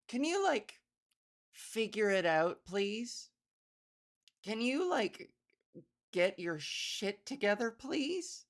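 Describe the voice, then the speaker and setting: A young woman hosts her comedy podcast alone, rambling playfully with mock-theatrical asides. She talks slowly, and a gravelly fry runs through her voice. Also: a little high. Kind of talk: casual solo comedy monologue.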